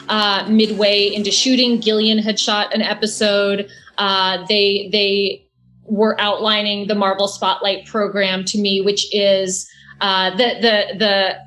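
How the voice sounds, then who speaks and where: Female interviewee, wry storyteller, mid pitch. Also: fairly bright tone. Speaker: guest director. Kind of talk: interview answer.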